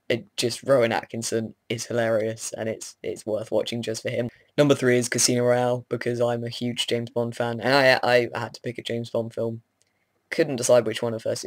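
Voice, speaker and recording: Young man vlogging, groggy and rambling, mid-pitch voice, dry close sound. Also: dry recording. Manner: rambling, hesitant with many ums, self-deprecating. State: groggy, just woken up. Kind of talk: casual rambling chat to camera.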